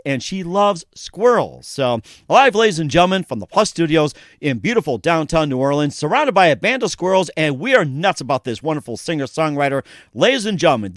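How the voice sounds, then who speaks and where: Male podcast host, higher pitch, dry close sound, playful and pun-loving with loose restarts. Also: dry recording. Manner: playful, punning, many fillers and restarts. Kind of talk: casual interview. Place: studio.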